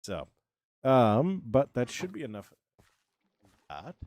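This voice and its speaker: A man's voice: mid-range voice, very animated, slow pace, a little mellow, no echo. A man streaming a block-building game, chatting casually with dry, self-mocking sarcasm. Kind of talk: casual live gameplay commentary.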